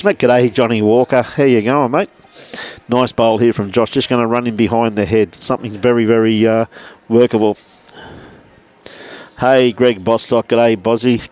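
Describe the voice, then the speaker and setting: Chatty Australian bowls commentator. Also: male voice, mid-range voice, a little mellow. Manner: chatty, greets viewers by name between shots. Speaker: lawn bowls livestream commentator. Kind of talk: casual live sports commentary.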